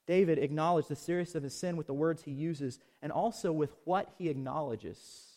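A man preaching a sermon, swinging from loud emphatic peaks to soft low asides and leading the congregation in call-and-response. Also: normal speed, hardly any pauses. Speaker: pastor. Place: outdoors.

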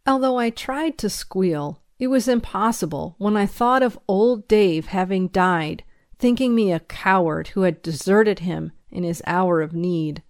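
An audiobook narrator, a woman, reads a novel aloud in a measured, even voice at medium pitch. This is scripted narration with clean studio sound and no echo.

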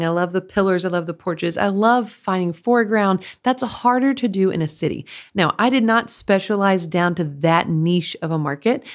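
Chatty woman with a lowish voice. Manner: chatty and animated, quick asides and laughs. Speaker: podcast host and photographer. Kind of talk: casual solo podcast talk.

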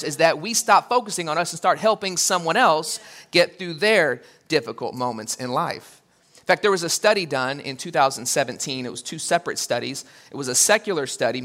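A male pastor preaching in a bright, ringing voice that sits a little high. He talks in an animated way and acts out little quotes with big leaps in pitch. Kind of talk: sermon.

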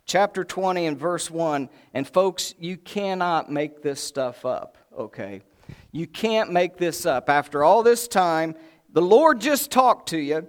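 A man preaching a sermon in an animated, folksy way, with joking asides to the congregation. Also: fairly high pitch, unhurried.

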